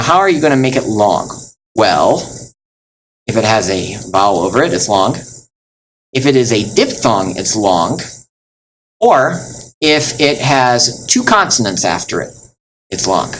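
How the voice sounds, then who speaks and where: A man teaching Latin in a recorded lesson, explaining step by step with many fillers and slowing down to spell out words. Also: mid-range voice, slight background noise, poor audio.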